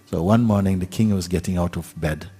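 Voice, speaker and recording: A man giving a spiritual talk, telling a parable in an unhurried, gentle way with pauses and fillers. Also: low voice, slightly rough. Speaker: spiritual teacher.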